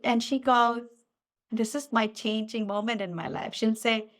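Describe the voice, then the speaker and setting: Speaking at normal speed with a voice a little on the high side, a physical therapist in her forties, a Midwest resident, shares a personal story as a podcast guest. The interview is casual, and she's animated and relaxed, reenacting her own past words.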